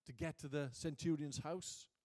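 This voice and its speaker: A man preaching a sermon, moving from quiet reflection to booming emphasis and reading scripture slowly. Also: steady tone. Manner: reads scripture aloud slowly.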